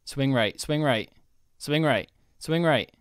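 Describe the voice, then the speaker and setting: A man in casual gameplay commentary who keeps cursing and scolding himself. His voice is smooth and clear at a middle pitch, recorded dry and close. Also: lively intonation, slow, no room sound. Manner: self-scolding, swearing, jumpy. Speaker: guest gamer.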